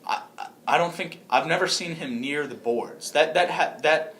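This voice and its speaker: A man's voice: fairly high pitch, moderate pace, fairly bright tone, a little hiss or hum. A young man co-hosting a casual podcast, rambling with restarts and frequent laughs. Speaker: podcast co-host.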